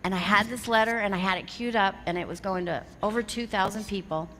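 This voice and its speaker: Woman, motivational speaker, mid-pitched, animated storyteller, reverberant hall, faint noise underneath. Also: fast. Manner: animated, retells dialogue in quotes, builds to emphatic lessons.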